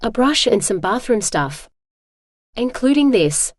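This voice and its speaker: A woman's voice: a little high, very animated, dry recording, studio quality. A synthetic woman's voice as a chatty, eager young woman friend. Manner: bright, chatty, quick.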